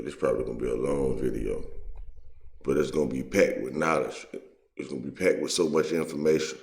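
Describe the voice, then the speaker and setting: A man's voice: rumbling low, gravelly, a little mellow, echoey room. A man hosting his own video, giving a heated, profane commentary full of street slang. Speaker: online video host.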